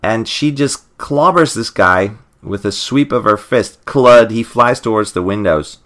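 A man's voice: lowish voice, measured pace, a bit bright. A man co-hosting a podcast, casually retelling a comic book plot with lots of "uh" and "you know.". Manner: rambling, full of fillers and restarts. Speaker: podcast co-host. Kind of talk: casual comic recap chat.

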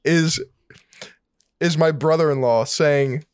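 A man's voice: fairly high pitch, takes it slowly, clean tone, no room sound, clean studio sound. A man co-hosting a podcast, telling stories casually with swearing and laughter. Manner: profane, laughing, storytelling. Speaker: podcast co-host. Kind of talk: casual banter.

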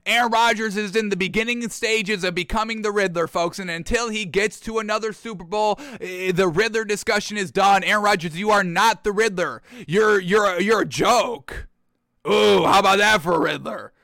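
A man hosting sports talk, ranting in a mocking, animated way and repeating himself for effect. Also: sits high, normal speed, no echo, studio quality.

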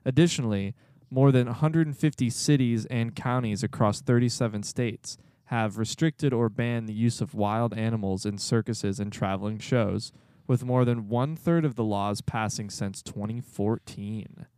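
A man co-hosting a comedy podcast, reading out facts with dry, deadpan jokes in between. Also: mid-range voice, moderate pace, clean tone, no echo. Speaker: podcast co-host. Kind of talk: casual podcast chat, reading researched notes.

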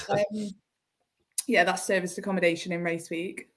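A woman's voice: fairly low pitch, steady tone, moderate pace, pauses often, fairly bright tone. A woman, a property investor being interviewed, chatty and laughing often as she tells stories. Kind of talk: casual interview chat.

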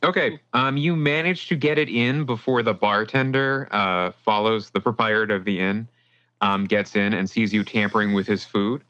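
A man's voice: on the low side, normal speed, fairly bright tone. A man narrating a tabletop game as game master, casual with lots of fillers, on dull lo-fi audio.

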